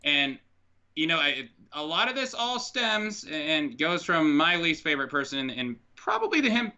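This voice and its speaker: Ranting man, very bright tone. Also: fairly high pitch, big pitch swings, normal speed, highs cut off. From United States. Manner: frustrated, profane ranting. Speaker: podcast co-host. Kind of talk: casual podcast chat. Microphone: online call mic.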